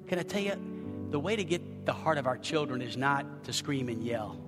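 A man preaching as a pastor, swinging from quiet, confessional talk to loud, shouted passages. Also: mid-range voice, expressive, moderate pace, big-room sound, over music. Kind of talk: sermon.

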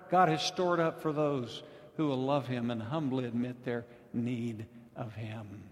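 A man's voice: mid-range voice, measured pace. A man preaching a sermon as pastor, telling humorous stories in a conversational manner. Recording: long hall reverb.

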